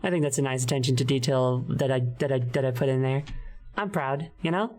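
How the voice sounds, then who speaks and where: A woman with a low voice chats casually on a live stream, rambling and giggling as she goes, with plenty of ums and uhs. Music plays clearly behind her. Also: brisk, a little mellow. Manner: rambling and giggly, many fillers. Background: background music.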